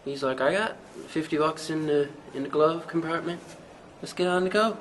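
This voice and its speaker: An actor with a Newfoundland accent playing a young small-town rapper who rambles through a hazy, profane story in an interview. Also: male voice, a little high, normal speed, a little hiss or hum, lightly acted, low-quality recording. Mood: rambling. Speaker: mockumentary interviewee.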